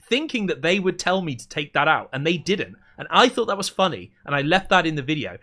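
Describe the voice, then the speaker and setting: A man hosting a casual livestream, talking in a dry, deadpan way and rambling as he thinks aloud. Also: on the high side, fairly quick, hardly any pauses. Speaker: livestream host.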